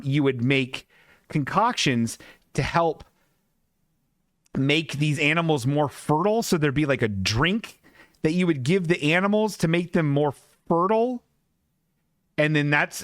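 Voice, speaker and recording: A man's voice: fairly high pitch, dry recording, studio quality. A man hosting a comedy podcast, rambling, profane and laughing often as he describes comic strips. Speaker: podcast host.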